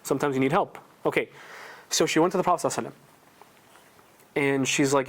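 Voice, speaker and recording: In an indoor community prayer center, a man teaches a casual religious lesson in a medium-pitched voice, racing along but pausing often. He talks conversationally and quizzes his listeners with rhetorical questions.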